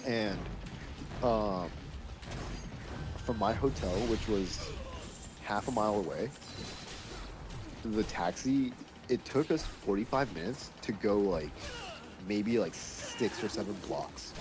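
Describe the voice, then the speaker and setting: Low-ish voiced dude on a stream, rambly, lots of "like" and cussing. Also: male voice, slow pace, long pauses, background noise. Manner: rambling storyteller, swears freely, lots of filler words. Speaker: live streamer. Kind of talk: casual chat.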